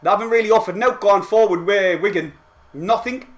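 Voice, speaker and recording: Young lad with a high voice, streaming live football reactions and swinging between yells and quiet chat-reading. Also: male voice, brisk. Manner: excitable, shouting and swearing at goals, then quietly reading chat.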